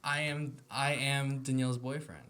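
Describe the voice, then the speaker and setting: A man's voice: mid-range voice, flat delivery, normal speed, a bit bright. A man hosting a podcast in casual chat, joking and playful. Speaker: podcast host.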